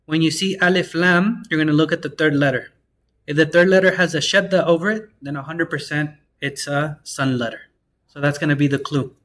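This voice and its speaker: Young male teacher, casual and relaxed, voice a touch high, spells out sounds slowly. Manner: relaxed, slangy, slows down to sound out words. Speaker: Arabic teacher. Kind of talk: casual online class.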